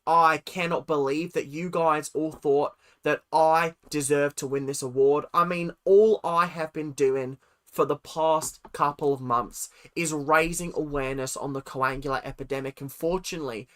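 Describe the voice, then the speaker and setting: A man's voice: on the high side, fairly even intonation, a little slow, a bit bright. A man voicing an enthusiastic male wildlife presenter in a put-on Australian accent, giving an earnest, boastful speech.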